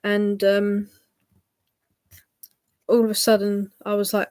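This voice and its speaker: A woman livestreaming, telling a personal story in a halting way with frequent ums. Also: mid-range voice, monotone, a little mellow, dry recording, clean studio sound.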